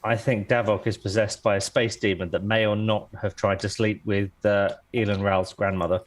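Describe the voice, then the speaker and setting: Wry, low-voiced man joking at the table. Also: little pitch movement, moderate pace. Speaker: player, ship's doctor character. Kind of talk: casual tabletop game chat.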